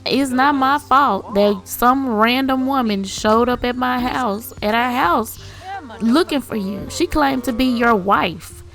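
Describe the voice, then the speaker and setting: A woman's voice: a little high, slow, fairly bright tone. A woman voicing a fed-up young wife who speaks in an indignant, insistent way, her voice pushed well above her own.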